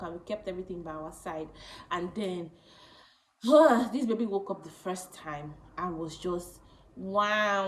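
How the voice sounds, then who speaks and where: A woman in her late twenties telling a personal story to camera, chatty and animated, often laughing. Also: fairly low pitch, echoey room, slight background noise, poor audio. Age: late 20s. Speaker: vlogger.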